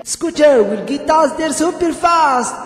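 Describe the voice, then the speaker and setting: A man's voice: very high voice, lively intonation, a little slow. A man reading as a cheerful girl explorer. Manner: bright, encouraging, addressing the listener. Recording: echoey room with long reverb, faint music.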